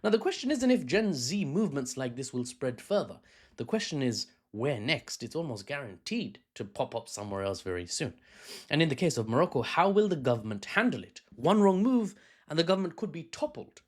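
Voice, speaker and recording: A man with a British accent talks through the news in a one-take commentary vlog. His pitch swings widely as he goes, with a middle-range voice. He drifts into chatty asides and corrects himself along the way. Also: very animated, moderate pace. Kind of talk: unscripted news analysis vlog.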